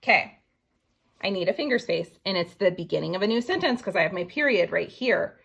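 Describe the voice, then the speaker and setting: A woman teacher giving a phonics writing lesson to young children, slowly sounding out each word letter by letter. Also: lowish voice, expressive, creaky, fairly bright tone, slightly rough. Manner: slow, sounding out words letter by letter.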